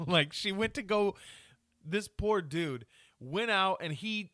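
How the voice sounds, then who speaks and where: A man's voice: high voice, animated, slow pace, pauses often, pushed and bright, no room sound, studio quality. Crude ranting podcast host man. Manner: ranting, crude, swears often; self-mocking, laughs at himself. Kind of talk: solo podcast rant.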